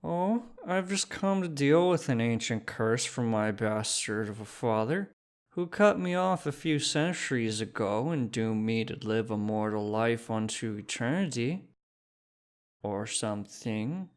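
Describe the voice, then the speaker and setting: A man voicing a centuries-old being stuck in a drunk old man's body, talking carelessly and a bit loud. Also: mid-range voice, lively intonation, unhurried, clean tone. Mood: tipsy. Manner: slurred, careless.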